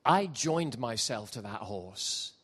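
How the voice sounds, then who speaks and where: A middle-aged man preaching a sermon, jokey and animated, shifting from quiet asides to loud shouts. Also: medium pitch, slow pace, breathy edge. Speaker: pastor. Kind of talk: sermon with comic storytelling. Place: church hall with congregation.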